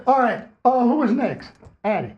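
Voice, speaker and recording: A man who is losing his voice, hosting a spiritual discussion group in a strained, hoarse tone and stressing points with frequent "okay?". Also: extremely high pitch, sing-song, normal speed, dull audio, slight background noise. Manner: emphatic, keeps asking "okay?". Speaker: host and teacher.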